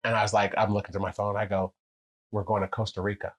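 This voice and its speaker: A low, husky male voice tells stories in a loose, casual chat. He swears freely and jumps into character for quoted lines. The delivery is animated and conversational. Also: fast talker, poor audio. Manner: animated, profane, acts out quotes with big pitch jumps.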